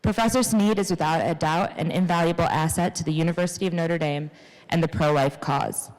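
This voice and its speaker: A woman's voice: sits low, fairly quick, a little mellow, big-room sound, low-quality recording. Young woman reading a formal introduction. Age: young adult. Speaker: student introducing the speaker. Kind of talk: read introduction. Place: university lecture room.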